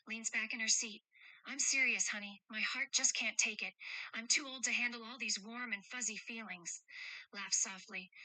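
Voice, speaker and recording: Woman doing a caring protector of kids, affectionate, teasing, very bright tone, close dry sound. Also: fairly high pitch, no room sound, low-quality recording. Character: caring adult woman protecting two children. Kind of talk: role-play chat read aloud with stage directions.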